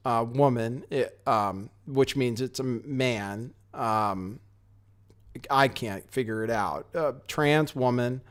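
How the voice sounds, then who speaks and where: A man hosting a casual commentary show, talking in a sardonic, rambling way with offhand asides. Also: mid-range voice. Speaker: host. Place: home studio, California.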